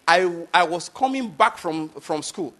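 Nigerian male pastor, 50s, high-pitched, emphatic sermon delivery with repeated questions to the congregation. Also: animated, unhurried, a bit bright.

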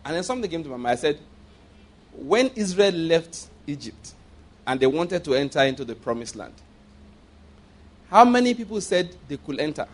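A man's voice: on the high side, big pitch swings, normal speed, long pauses. A man preaching a sermon as a story, repeating himself for emphasis, checking in with his listeners and chuckling along the way. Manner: chuckles often while telling.

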